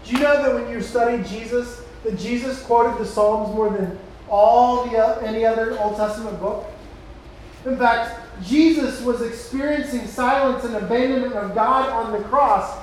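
A man preaching a sermon as a pastor, swinging between loud impassioned cries and hushed low passages. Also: moderate pace, slight background noise. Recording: echoey hall from far off.

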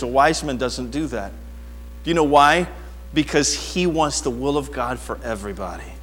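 A middle-aged man preaching a sermon, telling stories with animated swings from quiet asides to near-shouting. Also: medium pitch, normal speed, slight background noise. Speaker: pastor.

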